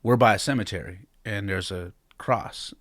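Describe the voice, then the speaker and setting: A man's voice: on the low side, normal speed, fairly bright tone, dry recording, clean studio sound. A man in his thirties, a podcast host, candidly telling a personal story in a reflective, heartfelt way.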